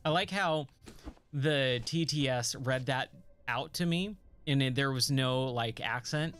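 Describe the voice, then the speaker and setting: A man's voice: medium pitch, measured pace, a bit bright, clean tone, soft background music. A man streaming a video game, chatting and joking to himself and his viewers as he plays. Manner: chatty, joking, talks to himself while playing. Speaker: gaming streamer. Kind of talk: casual let's-play commentary.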